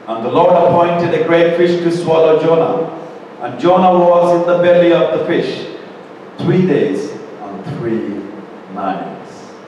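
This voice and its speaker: A man preaching a sermon, slow and emphatic, acting out quotes in a raised voice. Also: fairly high pitch, expressive, a little mellow, lo-fi sound, slight background noise. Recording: echoey hall, mic far off, faint ambience.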